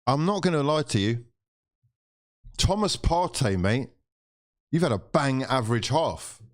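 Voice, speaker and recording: A man's voice: mid-range voice, expressive, a little slow, no room sound, clean studio sound. A young man streaming a live football watchalong, ranting, swearing and bantering with his viewers. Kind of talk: live watchalong commentary and chat.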